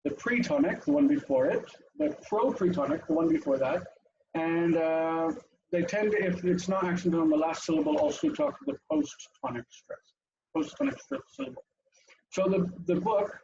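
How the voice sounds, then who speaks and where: A man's voice: high-pitched, vocal fry, muffled recording, background noise. A man teaching an online language lesson over a video call, chatty and explanatory, with frequent ums and asides.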